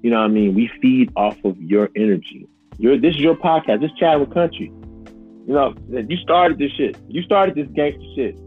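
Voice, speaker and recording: A man co-hosting a podcast in casual chat, animated and joking, laughing often. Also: medium pitch, normal speed, breathy edge, phone-quality sound, faint music behind. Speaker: podcast co-host.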